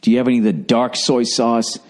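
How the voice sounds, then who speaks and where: Profane, animated man with a Boston accent. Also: mid-range voice, fairly quick. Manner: profane, animated storytelling with lots of swearing. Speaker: podcast host. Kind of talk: casual comedic monologue.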